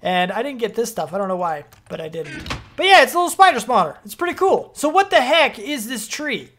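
Young adult streamer, casual gameplay commentary, rambling, excitable, mid-pitched voice. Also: fairly quick, a little hiss or hum. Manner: rambling, excitable, frequent fillers.

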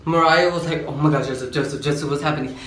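A man's voice: a little high, steady tone, fast, fairly bright tone. An eighteen-year-old man telling a storytime in a rambling, slangy way, filling his talk with "like". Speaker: vlogger. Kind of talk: casual storytime chat. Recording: roomy echo, faint background hum.

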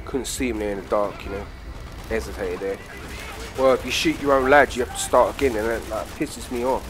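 A British man giving crude, excitable let's play commentary while trash-talking enemies in a war game. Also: medium pitch, brisk. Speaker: gamer. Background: game music and gunfire.

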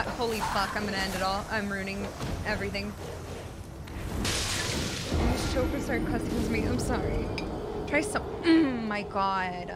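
A young woman streaming a video game, chatting with her viewers, swearing and yelling at the game, then apologizing and teasing herself. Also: a little high, heavy background noise. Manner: self-mocking, teasing chat. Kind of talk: casual live gameplay commentary to chat.

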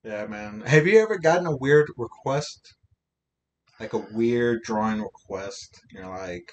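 A man's voice: medium pitch, lively intonation, a little slow. A young man as a podcast guest, chatting casually in an easygoing, slangy way with lots of filler words and swearing. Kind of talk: casual chat.

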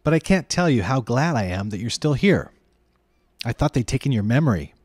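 A man reading aloud, voicing a kind, steady young boy who speaks with earnest conviction. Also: mid-range voice, brisk, husky, no echo, studio quality. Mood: reassuring.

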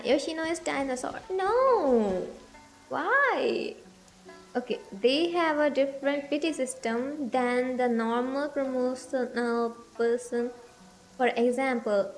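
A young woman from India rambles cheerfully to her chat while streaming a game. Her voice sits high and her pace is slow and easy. Soft background music plays under her talk. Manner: bubbly, rambling, chats with viewers. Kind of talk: casual livestream chat. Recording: music playing behind.

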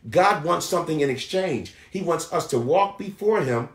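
A man's voice: on the high side, expressive. Fervent male pastor in an echoey sanctuary. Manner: fervent preaching, drawing out scripture words slowly. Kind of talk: sermon. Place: church sanctuary.

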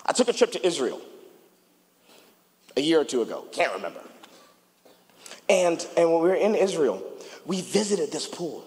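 A male pastor preaching a sermon, chatty with the congregation and rising into shouted appeals. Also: high voice, moderate pace, long pauses, slightly rough. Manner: animated preaching, building to shouts, banters with congregation. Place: church sanctuary. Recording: long reverb of a large church hall.

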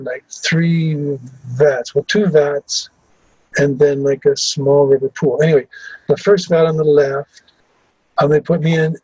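A man giving testimony about his memories, speaking haltingly with many fillers and restarts. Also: fairly high pitch, warm tone, dry recording, lo-fi sound. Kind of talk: recounting personal memories in testimony.

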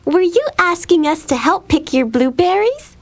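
A woman voicing a cheerful, friendly little girl in a bright, chirpy way in a storybook reading. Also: very high-pitched, sing-song, moderate pace, voice pushed up.

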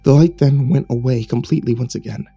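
A man narrating a horror story in a hushed, suspenseful storytelling manner. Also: medium pitch, fast talker, husky, faint music behind. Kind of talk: scripted narration.

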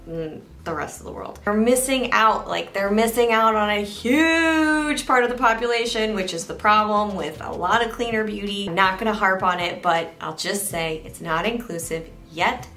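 A woman's voice: mid-range voice, lively intonation, normal speed, hardly any pauses, fairly bright tone, faint music behind. A young woman giving a candid, chatty makeup review that she speaks straight to her viewers. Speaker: beauty reviewer. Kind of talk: casual product review vlog.

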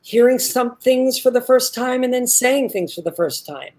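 A man leads an acting workshop with steady, emphatic explanations. He repeats his key points and coaches the student step by step. The sound has the quality of a video call. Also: extremely high pitch, moderate pace. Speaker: acting teacher.

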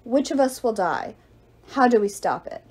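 A woman's voice: fairly high pitch, expressive, normal speed, darkish tone, breathy edge. A woman reading aloud and voicing a determined, earnest teenage girl. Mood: firm. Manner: firm, earnest.

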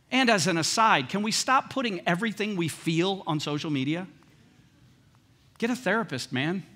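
A U.S. pastor gives a sermon to his congregation in a church sanctuary, his high voice carrying a bright, ringing edge. The style is casual and funny, shifting from hushed lines to strongly pressed points, as a preacher would speak from the front.

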